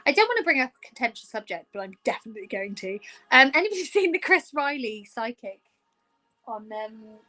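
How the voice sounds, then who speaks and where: Chatty british woman selling crystals on a live stream, bit high pitched, teasing her co-host. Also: big pitch swings, pushed and bright, faint music behind. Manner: chatty, teasing, slows down to read out items. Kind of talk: casual live-stream sales chat.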